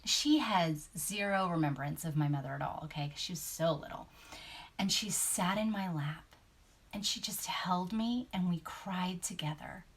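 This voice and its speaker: A woman in her thirties talks on her podcast in a slightly low voice. She is candid and earnest, and her voice drops almost to a whisper at tender moments. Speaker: podcast host. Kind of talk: reflective podcast talk.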